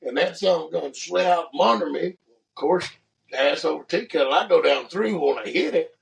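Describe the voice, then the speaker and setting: Casting: middle-aged father on a podcast, very gravelly voice, halting delivery, mic a bit distant. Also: a little high. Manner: halting, measured retelling. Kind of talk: casual storytelling chat. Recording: voice slightly far from mic.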